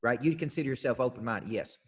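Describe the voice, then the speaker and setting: A man's voice: medium pitch, quick pace. A man hosting a sales panel as coach, talking loosely and steering the questions. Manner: loose, talkative, runs the questions. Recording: husky voice with long reverb.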